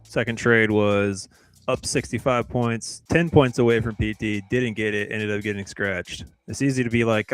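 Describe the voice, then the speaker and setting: A man co-hosting a live trading stream, talking in a laid-back way about his trades, with repeated words and drawn-out phrasing. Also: fairly low pitch, steady tone, fairly bright tone, smooth, faint music behind. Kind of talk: casual live-stream chat.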